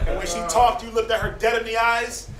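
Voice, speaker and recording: A man teaching a casual Bible class, who acts out the everyday voices he quotes and speaks with lively energy. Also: extremely high pitch, a little fast, crowd noise. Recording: echoey room from far off.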